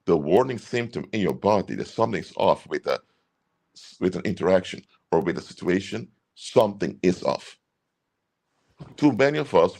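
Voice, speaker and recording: A man speaking as a consultant, giving earnest, emphatic advice and repeating his key points. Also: low-pitched. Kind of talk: advice talk to camera.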